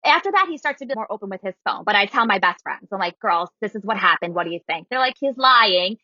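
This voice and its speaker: A woman's voice: mid-range voice, fast, dry recording, highs cut off. A woman in her thirties telling a personal story on a podcast in casual chat, acting out what others said. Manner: animated, quotes people in her story. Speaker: guest storyteller.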